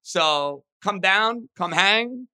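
A man hosting a sports podcast in casual, excitable talk. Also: drawn-out words, smooth, no echo. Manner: excitable, chatty, pitch jumps when animated.

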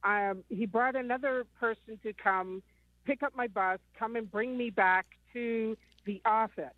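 A woman's voice: fairly high pitch, measured pace, no room sound. Woman in her fifties on a tinny phone line. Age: 50s. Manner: rambling retelling with many ums. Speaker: caller. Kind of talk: phone-in call.

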